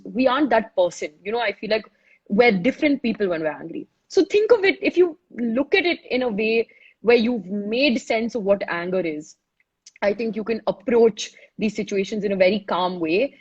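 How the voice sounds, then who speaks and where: Husky woman giving casual advice. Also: medium pitch, highs cut off. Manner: chatty, many "you know" fillers. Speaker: speaker giving advice on listening. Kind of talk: live online session, casual advice.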